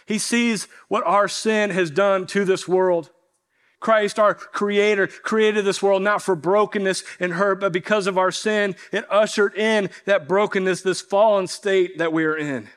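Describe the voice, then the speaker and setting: A man with a fairly high voice delivers a sermon from the pulpit. He talks in an earnest storytelling way, leaning into key words and letting lines land slowly. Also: fairly even intonation, fairly bright tone, smooth. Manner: earnest storytelling preacher, slows for emphasis. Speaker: pastor.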